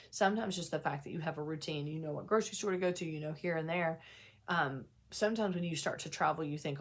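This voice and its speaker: Woman vlogger w a low voice, just talking to camera, earnest, kinda self-deprecating, lots of restarts. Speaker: mental health vlogger sharing personal experience. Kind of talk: candid casual talk to camera.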